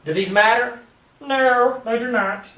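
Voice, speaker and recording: A man's voice: extremely high pitch, measured pace, a bit bright. A man teaching a math lesson at a whiteboard, explaining steps while cracking playful jokes and asides to the viewer. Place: room with a whiteboard. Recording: roomy, mic at a distance.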